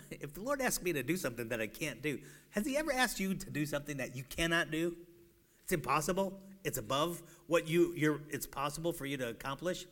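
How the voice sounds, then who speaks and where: A man preaching a sermon, reading scripture aloud and acting out the doubting cries of biblical figures with animated, pleading bursts. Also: a little high, brisk.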